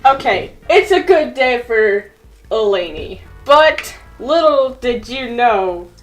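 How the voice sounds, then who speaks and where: Slow, giggly young woman telling a story. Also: on the high side, animated, soft background music, low-quality recording. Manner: giggly, chatty, lots of "like" fillers. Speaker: co-host storyteller. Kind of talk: casual improvised storytelling.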